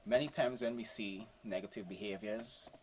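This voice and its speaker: A man adding measured points on a panel. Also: on the low side, steady tone, slight background noise, low-quality recording. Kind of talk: panel discussion.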